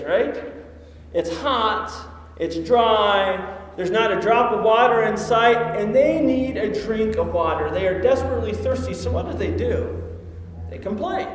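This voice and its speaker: A man with a strikingly high voice preaches a sermon, leaning on storytelling and rhetorical questions. His voice rings out with heavy echo and a long reverb tail from a large church hall. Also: expressive, moderate pace. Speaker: pastor.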